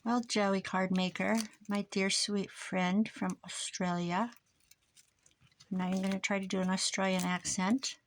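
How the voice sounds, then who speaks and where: Chatty older woman with a creaky voice. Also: medium pitch, flat delivery, unhurried, a little hiss or hum. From United States. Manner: rambling, chatty, talks while working. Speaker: craft vlogger. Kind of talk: casual chat while crafting.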